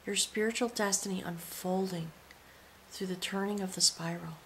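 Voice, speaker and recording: A woman's voice: on the low side, steady tone, moderate pace, a little hiss or hum. Awed woman giving a tarot reading. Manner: awed and reverent, dropping to soft whispers. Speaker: tarot reader.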